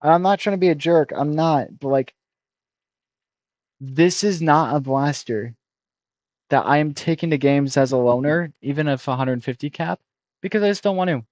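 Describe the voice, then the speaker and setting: A man in his twenties streaming a blunt, rambling reaction, critical and quick to restart his sentences. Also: on the high side, darkish tone, no room sound. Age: 20s. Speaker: streamer reacting to a review video. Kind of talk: casual rambling reaction commentary.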